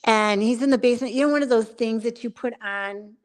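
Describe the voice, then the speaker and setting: A woman's voice: fairly high pitch, fairly quick. A woman chatting casually on a live stream, bluntly retelling a movie scene. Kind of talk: casual chat.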